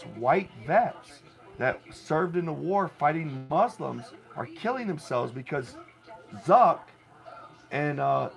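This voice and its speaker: A young man at home rambling in an agitated rant that keeps getting louder and more heated. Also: a little high, gravelly, poor audio. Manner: agitated, repetitive, grows loud and heated. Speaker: vlogger. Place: home, indoors.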